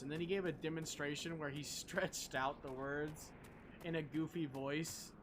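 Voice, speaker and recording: A man's voice: a little high, fairly even intonation, moderate pace, background noise. A young man streaming a video game, rambling casually, swearing and chatting to his viewers. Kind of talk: casual gameplay commentary.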